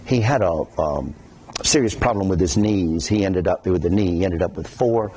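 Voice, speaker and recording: A man preaching a sermon as a pastor, talking in a conversational, animated way and often breaking into laughter. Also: sits low, moderate pace, a little hiss or hum.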